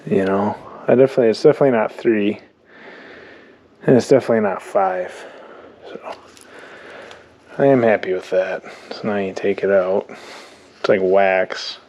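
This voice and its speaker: A young man explaining an engine rebuild step by step as he works, thinking aloud in a plain, relaxed way. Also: on the low side, gravelly. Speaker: mechanic rebuilding a diesel engine. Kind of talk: hands-on how-to narration.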